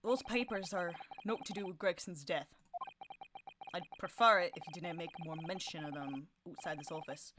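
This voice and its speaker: A woman's voice: on the low side, moderate pace, background noise, voice pushed down, natural voice. A woman voicing a brusque, dismissive male police inspector, middle-aged, in a put-on Scottish accent, while reading game dialogue aloud. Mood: stern.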